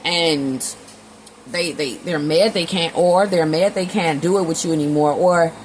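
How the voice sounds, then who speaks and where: A woman's voice: lowish voice, unhurried, a little hiss or hum, poor audio. Blunt, slangy woman reading tarot. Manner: blunt, slangy, swears freely, acts out both sides in quotes. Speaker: tarot reader.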